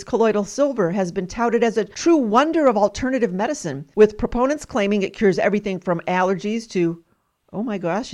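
A woman's voice: mid-range voice, darkish tone. A woman hosting a trivia game, cheerfully reading out facts to her guests. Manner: cheerful, reads facts aloud, laughs often. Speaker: host. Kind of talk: hosted trivia game show.

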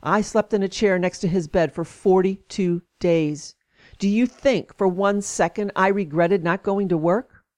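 Woman giving an expressive read-aloud. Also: mid-range voice. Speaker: speaker reading an essay aloud. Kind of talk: reading aloud, then commenting.

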